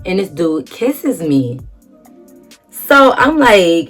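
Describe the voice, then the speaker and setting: A woman's voice: on the low side, big pitch swings, extremely slow, pauses often, slightly rough, faint music behind. A young woman vlogger telling a dramatic storytime story casually, acting out quotes and swearing freely.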